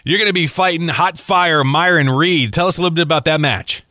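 A man hosting a casual interview, asking relaxed, chatty questions. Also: a little high, brisk, no room sound, studio quality. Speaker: interview host.

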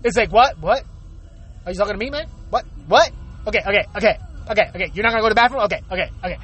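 A man's voice: sits high, animated, very fast, fairly bright tone, slightly rough, dull audio. A man hosting his own show, ranting from his car in traffic, swearing often, laughing and asking rhetorical questions. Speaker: show host. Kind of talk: profane comedic rant.

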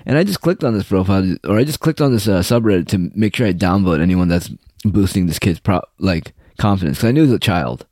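A young man from the United States rants in a rambling, profane, mocking way. His voice sits very low. The recording is dry and close, with no room sound. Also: expressive, fast, warm tone, no echo. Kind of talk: casual ranting monologue.

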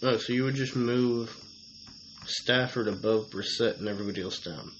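Man reading out sports rankings. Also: mid-range voice. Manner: reads name lists in a halting, methodical way. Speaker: co-host. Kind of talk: casual sports rankings chat. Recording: slightly dull audio, faint noise.

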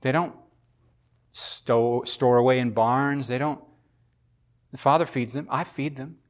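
A man voicing God the Father as a gentle, reassuring male presence, spoken softly and calmly. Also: mid-range voice, measured pace, lightly acted.

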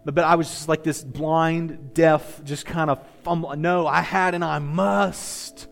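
A man's voice: on the high side, steady tone, a little slow, creaky, big-room sound, soft background music. A man preaching a sermon as pastor, repeating phrases and leading his congregation in call-and-response. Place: church sanctuary.

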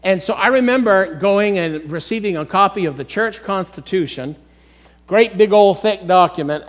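A middle-aged pastor with a high voice delivers a sermon from the pulpit, speaking emphatically and addressing his congregation directly.

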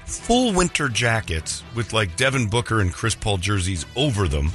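Animated man telling a story, bright voice. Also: moderate pace, soft background music. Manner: animated, acts out other people's lines in pitched voices. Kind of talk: casual storytelling chat.

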